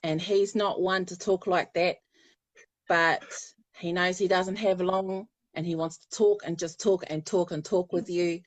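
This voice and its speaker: A woman's voice: fairly low pitch, steady tone, unhurried, no echo. A woman giving a live psychic reading, chatty and affectionate, often laughing. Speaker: spiritual medium.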